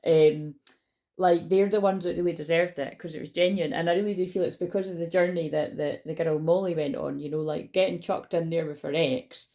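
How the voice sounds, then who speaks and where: A woman's voice: low-pitched, steady tone, a little fast, mellow. A woman giving a casual tarot reading on her vlog, rambling and chatty, swearing casually and often losing her train of thought, recorded on a phone. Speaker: tarot reader.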